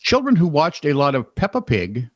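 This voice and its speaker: A man's voice: fairly high pitch, wildly swooping pitch, moderate pace, no echo. An American man co-hosting a comedic news podcast, joking and laughing as he chats. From United States. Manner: joking, teasing, laughs often. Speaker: podcast co-host. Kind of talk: casual comedic news chat.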